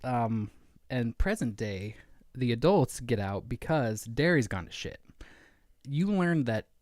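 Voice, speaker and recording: A man's voice: medium pitch, no echo. Man, podcast co-host, eager plot recap, very dry close sound. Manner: excited, retells plot in quick bursts. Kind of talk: casual book discussion.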